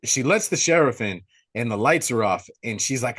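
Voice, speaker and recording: Excitable young man retelling a horror film. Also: medium pitch, moderate pace, husky. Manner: excitable storyteller, slangy, says dude a lot. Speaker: podcast host. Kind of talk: casual movie-review chat.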